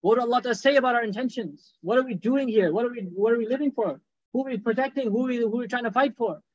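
Fast-talking man preaching a sermon. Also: very high voice, muffled recording. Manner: fast, animated storytelling with acted quotes and rhetorical questions. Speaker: Islamic preacher.

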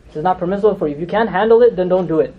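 A high-pitched man tells sermon stories at a quick clip. He is animated and acts out his quotes, and he keeps checking in with "you know?". The recording sounds dull and lo-fi. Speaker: religious lecturer. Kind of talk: storytelling sermon.

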